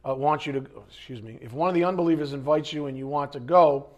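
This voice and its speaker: A man's voice: fairly high pitch, fast, highs cut off. A man teaching the Bible in a conversational way, blunt and fond of rhetorical questions.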